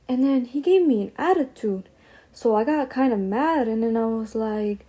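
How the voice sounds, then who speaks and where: A woman's voice: a little high, moderate pace, mellow. A young woman chatting casually as she tells a story while doing her makeup, slangy and drifting off on tangents. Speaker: beauty vlogger.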